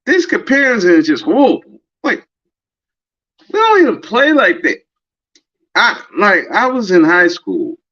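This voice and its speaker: A man hosting a podcast, talking in a casual, emphatic monologue and acting out the lines of people he quotes. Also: high voice. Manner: animated, emphatic, acts out quoted dialogue. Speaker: podcast host. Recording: dull lo-fi recording.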